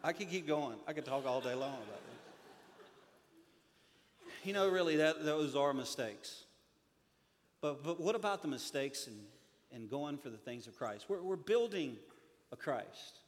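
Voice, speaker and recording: High-voiced preacher in an echoey hall. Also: male voice, unhurried, pauses often, slight background noise. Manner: animated storytelling with humor. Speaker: pastor. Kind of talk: sermon. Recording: reverberant hall.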